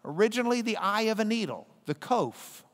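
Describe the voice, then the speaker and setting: In a big hall full of long reverb, a man teaching a Bible class speaks a little fast in a high, somewhat bright voice with big swings in pitch. He's playful, cracking jokes and coaxing the class to repeat letters to him.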